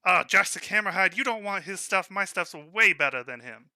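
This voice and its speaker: A man voicing a pushy, fast-talking male gnome shopkeeper with loud, boastful sales patter. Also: on the high side, no echo, clean studio sound, pitched above the performer's own voice. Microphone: online voice call.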